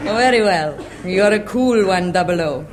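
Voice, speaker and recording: A woman's voice: lowish voice, expressive, normal speed, slight background noise, natural voice. A woman playing a sly, seductive female agent in a 1960s radio comedy sketch. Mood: coy.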